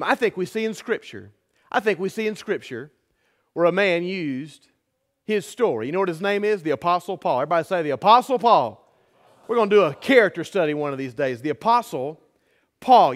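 Energetic high-voiced pastor preaching. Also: male voice, moderate pace. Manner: energetic, folksy, repeats phrases for emphasis. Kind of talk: sermon.

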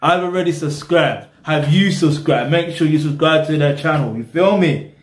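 A man's voice: fairly high pitch, moderate pace, roomy sound. A man hosting a reaction video, rambling casually in slang and talking straight to his viewers.

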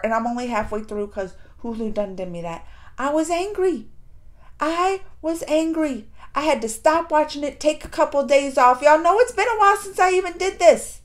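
Woman with a high voice ranting through her reaction video, animated, laughs a lot. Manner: animated, exasperated retelling with laughs. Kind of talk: casual reaction commentary.

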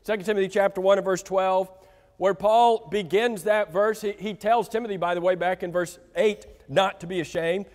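A man preaching a sermon to a congregation, emphatic and slowing down to stress key words, often asking them direct questions. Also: sits high, steady tone, darkish tone. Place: church sanctuary. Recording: reverberant church hall.

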